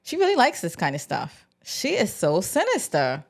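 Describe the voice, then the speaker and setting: A woman hosting a casual TV episode recap, talking in an animated, slangy way with big jumps in pitch. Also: normal speed, vocal fry. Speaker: TV recap vlogger host.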